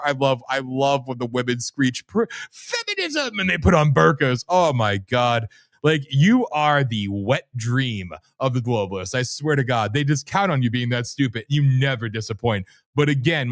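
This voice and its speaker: A man's voice: medium pitch, no room sound, studio quality. Brash, profane man ranting on a livestream. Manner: sarcastic, animated delivery. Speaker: livestream host. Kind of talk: ranting commentary.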